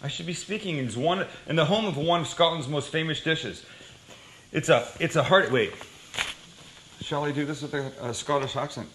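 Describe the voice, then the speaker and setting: A man's voice: a little high, moderate pace, slight background noise, rough recording. A man hosting a cooking show, chatting casually and telling joking stories as he cooks. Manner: joking, animated storytelling.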